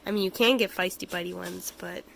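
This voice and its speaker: A woman's voice: lowish voice, fairly even intonation, fairly quick, gravelly, fairly bright tone, slight background noise. A woman chatting casually in a home vlog about her pets, rambling and giggling, cooing at the animals. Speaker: pet vlogger. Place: home pet room.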